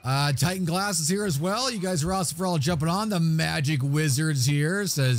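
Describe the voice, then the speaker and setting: A man's voice: on the high side, normal speed. A man hosting a live game stream, cheerfully greeting viewers and reading chat messages aloud.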